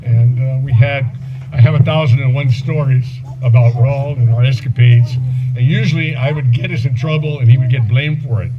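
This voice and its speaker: A man's voice: mid-range voice, moderate pace. A man in his seventies giving a eulogy for an old friend at a memorial gathering, rambling through anecdotes with chuckles and fillers. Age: 70s. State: voice breaking with emotion at times. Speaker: eulogy speaker, old friend and former police partner. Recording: muffled event recording with loud background noise.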